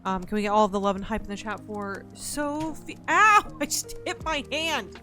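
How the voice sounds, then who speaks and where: A woman's voice: mid-range voice, animated, a little fast, soft background music. A woman streaming live, chatting in a playful, joking way and thanking her donors. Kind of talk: casual live-stream chat.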